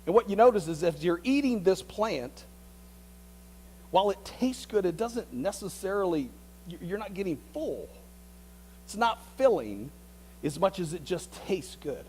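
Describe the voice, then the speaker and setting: A male pastor preaching a sermon as a vivid story, often repeating words and dropping into hushed tones. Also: high-pitched, very animated, measured pace, slight background noise, poor audio.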